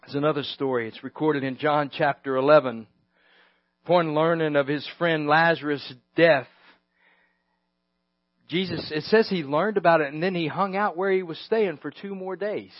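A man preaching a sermon, moving from hushed words to loud emphasis and chuckling now and then. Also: a little high, moderate pace, no room sound. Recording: dull lo-fi recording.

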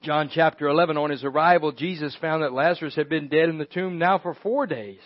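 High voiced guy preaching, goes quiet then loud, chuckles, dry close sound. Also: a little fast, no room sound. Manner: dynamic, swinging from hushed to loud, with chuckles. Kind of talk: sermon. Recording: dull lo-fi recording.

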